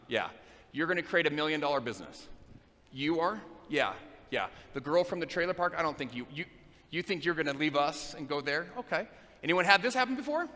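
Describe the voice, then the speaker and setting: A man giving a motivational talk, telling a story and asking the audience questions in an animated way. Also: high-pitched. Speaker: motivational speaker. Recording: long reverb of a big hall, faint noise.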